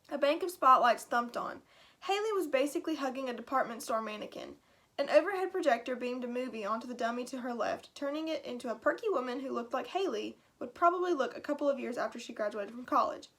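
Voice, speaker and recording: A woman teacher reads a chapter book aloud to her class. Her voice is high, and she drops in chatty asides between passages. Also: expressive, fast talker, a bit bright.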